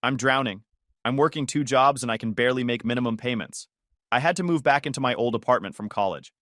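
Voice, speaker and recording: A man's voice: mid-range voice, fast, fairly bright tone, no room sound, clean studio sound, lightly acted. A man reading the lines of a desperate young woman pleading with her ex-fiancé, in a slightly raised voice. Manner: pleading, tearful.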